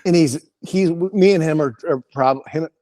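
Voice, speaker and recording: A male comedian, a podcast guest, telling an animated, rambling and profane story with lots of restarts. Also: on the high side, moderate pace.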